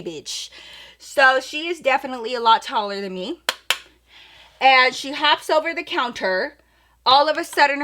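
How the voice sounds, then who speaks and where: A young woman telling a storytime vlog while getting ready, animated and profane, acting out the quoted dialogue. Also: fairly high pitch, background noise. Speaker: vlogger.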